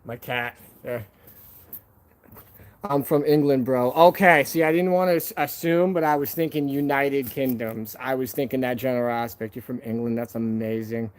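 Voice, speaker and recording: A man's voice: mid-range voice, steady tone, moderate pace, few pauses. A man hosting a casual live stream from home. He talks to viewers in a laid-back, slangy way, calling them "man" and "dude".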